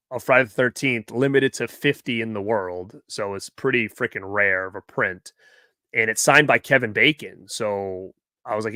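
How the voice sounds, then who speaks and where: A man's voice: mid-range voice, sharp tone, clean tone, no room sound, studio quality. A man hosting a live stream, casually telling a rambling story and quoting the people he met. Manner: rambling, chatty, quotes people in his stories. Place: home movie room.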